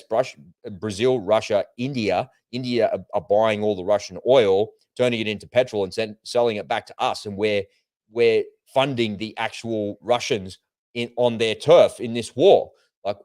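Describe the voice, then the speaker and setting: A low-pitched man talks through current affairs as co-host of a live show. He lays out his points step by step and breaks off into conversational asides. The recording is dry and close, with no room echo. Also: darkish tone. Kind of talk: live political and market talk show. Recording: remote broadcast with slight delay.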